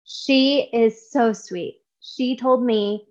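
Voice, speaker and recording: A woman guest speaks earnestly and from the heart, often breaking off and restarting her sentences. Her voice sits fairly high. The sound is dull and lo-fi. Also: very slow, darkish tone. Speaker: podcast guest. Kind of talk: conversational interview.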